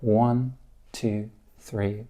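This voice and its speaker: A man teaching a guitar lesson, explaining calmly and encouragingly, counting beats aloud and singing short snippets. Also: lowish voice, extremely slow.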